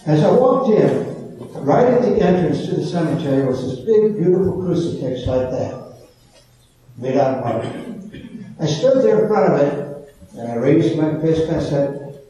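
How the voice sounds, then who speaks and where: An older man, a priest, giving a homily at Mass with lively storytelling and frequent laughs. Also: fairly high pitch, normal speed, pauses often, muffled recording. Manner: storytelling, animated, laughs often. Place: large church. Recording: echoey church from far off.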